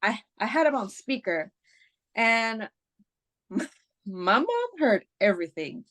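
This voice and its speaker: Guesting on a podcast, a woman recounts a personal story in casual conversation, getting emotional as she tells it. Her voice is on the high side, very animated and a bit bright, and she speaks slowly. She swears freely and packs her speech with "like" and "you know."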